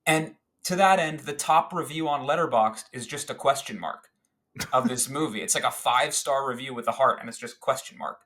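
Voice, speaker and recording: A man chatting as a podcast guest, recounting a favorite film scene in an animated, rambling way with fillers and restarts. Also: mid-range voice, fairly quick.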